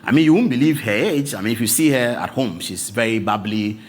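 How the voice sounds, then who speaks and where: Ghanaian host in his forties, animated storyteller with a lively, swooping voice, chuckling and stammering as he goes. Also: medium pitch, fairly quick. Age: 40s. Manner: laughs often, stammers and repeats words.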